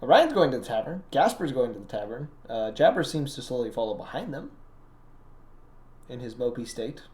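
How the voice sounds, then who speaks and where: A man's voice: mid-range voice, sing-song, fairly quick, a little mellow. A man narrating as game master of a tabletop game, jokey and laughing often.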